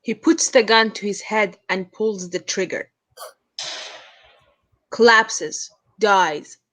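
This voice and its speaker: A woman reads the stage directions aloud in a plain, even narration. Her voice is mid-pitched and steady. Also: takes it slowly, rough recording. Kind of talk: scripted narration.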